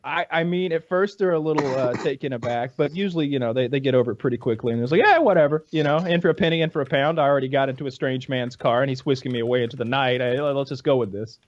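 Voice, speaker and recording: An American man in a casual comedic podcast chat, delivering absurd bits deadpan. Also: mid-range voice, fast, hardly any pauses, highs cut off, a little hiss or hum. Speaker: podcast co-host.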